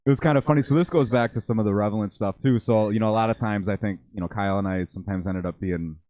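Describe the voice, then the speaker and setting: A man's voice: fairly low pitch, quick pace, a little mellow. A man, a podcast guest, chatting casually and rambling through old band stories with lots of fillers. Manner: rambling, filler-heavy storytelling. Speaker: podcast guest, former bandmate. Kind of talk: casual chat.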